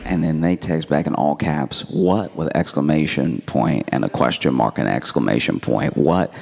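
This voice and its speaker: A man doing stand-up, telling a story in a calm, wry, laid-back way. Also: a bass voice, normal speed, gravelly. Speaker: stand-up comedian.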